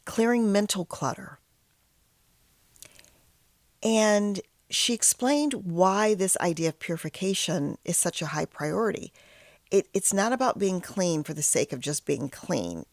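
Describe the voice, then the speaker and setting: A woman host and yoga teacher in training, telling a personal story and teaching in a candid, self-deprecating conversational way with quiet whispered asides. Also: lowish voice, lively intonation, a little slow, no echo.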